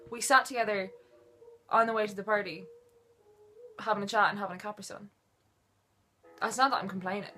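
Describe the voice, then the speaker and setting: A woman's voice: medium pitch, bright, forceful tone. A young woman, telling a rambling story in a chatty, casual way with dry asides. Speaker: vlogger.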